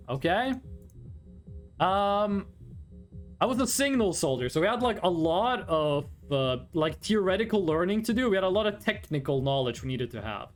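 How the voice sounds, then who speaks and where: A young adult streamer chatting casually, telling rambling stories and swearing freely. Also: medium pitch. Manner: rambling, animated storytelling, swearing. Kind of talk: casual chat with chat readers.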